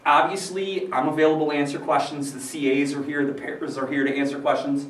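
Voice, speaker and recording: A man's voice: a little high, steady tone, brisk. A man teaching a casual, joking history lesson to his students, full of fillers and asides. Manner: chatty, joking, loose with fillers. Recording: roomy, distant mic with faint background noise.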